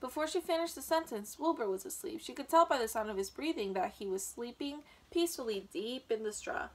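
A woman's voice: fairly high pitch, lively intonation, a little fast. Woman reading a children's book aloud. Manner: gentle, with small slips and restarts.

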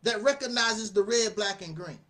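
Speaking at a moderate pace in a high voice, a male channel host gives casual commentary. He's lively and preachy, laughing often and repeating phrases as he goes.

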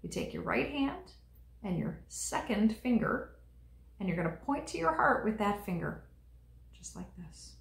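A woman leading a children's liturgy, teaching young kids in a gentle, encouraging way and speaking right to them. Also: a little high, sing-song, normal speed, vocal fry, echoey room.

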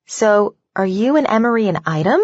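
A woman's voice: mid-range voice, expressive, moderate pace, no room sound, dull audio, lightly acted. A woman narrator voicing a blunt young socialite woman who sounds overly pleasant and pointed. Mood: sugary.

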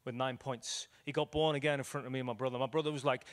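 A man's voice: mid-range voice, fairly even intonation, fast talker. A man, an evangelist preaching a storytelling sermon to a room, animatedly acting out the dialogue in his stories. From Liverpool, England. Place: church meeting room with audience.

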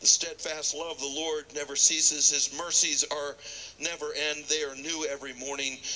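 A man preaching a sermon, animated, acting out scripture dialogue and dropping to a whisper at times. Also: medium pitch, poor audio.

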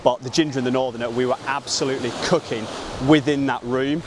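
A young man talks to camera about his travels, in a breezy, slangy, upbeat way. His voice sits at a middle pitch, and he is outdoors on location by the sea. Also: fairly even intonation, fast talker, noisy background. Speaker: travel vlogger. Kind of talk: casual travel vlog. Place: outdoors by a beach.

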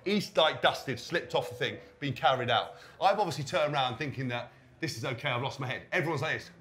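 Rapid, animated man telling stories. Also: mid-range voice. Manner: animated, swearing, acts out quotes. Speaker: podcast co-host. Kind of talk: storytelling on a live show. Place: stage in front of a live audience.

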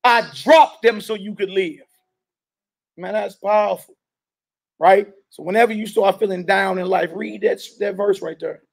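A man preaches a street-style sermon to a gathered room, emphatically urging and questioning his listeners in call and response. His voice sits high, gravelly and slightly rough, and he speaks unhurriedly.

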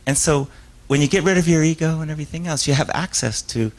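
A man's voice: a little high, quick pace, low-quality recording. A man giving a live author talk and taking audience questions, a stage hypnotist who rambles, restarts his sentences and acts out voices in his stories. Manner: rambling, self-interrupting storyteller with frequent restarts and laughs.

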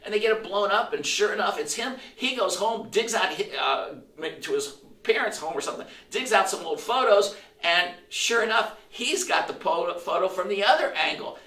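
A middle-aged male pastor preaching in a church with a forceful, slightly high voice. He tells stories in an animated way, breaking into quoted lines and restarting his phrases. The sound is roomy and echoing, picked up from some distance. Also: moderate pace. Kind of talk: sermon storytelling. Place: church sanctuary.

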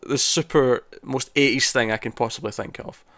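A man's voice: medium pitch, fairly even intonation, moderate pace, fairly bright tone, no echo. A man co-hosting a podcast, recapping a TV episode in casual chat, rambling with restarts and acted-out quotes. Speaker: podcast co-host.

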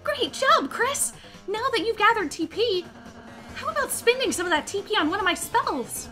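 A woman voicing a shy, gentle young male goat-like creature, reading his lines in a sweet, hesitant, encouraging way. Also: very high-pitched, very animated, moderate pace, faint music behind, exaggerated voice. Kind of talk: reading game dialogue aloud.

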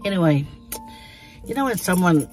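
A woman's voice: fairly low pitch, animated, moderate pace, a little mellow, faint music behind, poor audio. An older woman chatting casually to her vlog while sitting in a car, laughing often and dropping words into her English. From Samoa. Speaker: vlogger.

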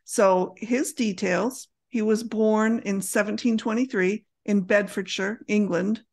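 A middle-aged woman in a medium voice talks as a podcast co-host. She is relaxed and meandering, often pausing with fillers as she thinks aloud. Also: mid-range voice, vocal fry. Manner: relaxed, hesitant, many fillers. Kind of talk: casual chat.

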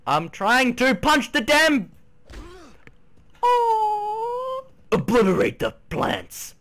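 A young man hosting his gaming channel, swearing, yelping and shouting through excitable gameplay commentary. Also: very high-pitched, very slow, background noise. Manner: swears a lot, yelps and shouts.

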